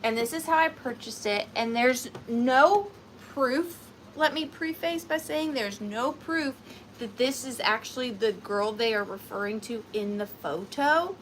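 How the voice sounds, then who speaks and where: Brief: gushing woman host of a live sale, fast chatter, bright and slightly high voice. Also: slight background noise. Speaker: online antique seller. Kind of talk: live-selling vlog chat.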